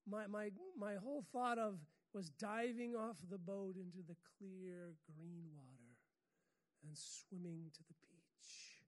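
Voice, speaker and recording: A woman's voice: medium pitch, slow. An American woman preaching a sermon in a chatty, humorous way, often laughing at her own stories. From United States.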